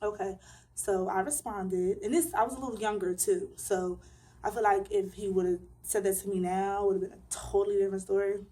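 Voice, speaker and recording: Young woman, vlogger, animated and emphatic, casual slang, storytime. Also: medium pitch, a little fast.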